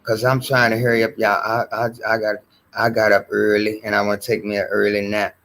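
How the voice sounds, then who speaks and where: Chatty bright-voiced man hosting commentary. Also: on the low side, fairly quick, creaky. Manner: chatty, keeps addressing "y'all", animated exclamations. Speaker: commentary show host. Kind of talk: casual commentary, reacting to clips.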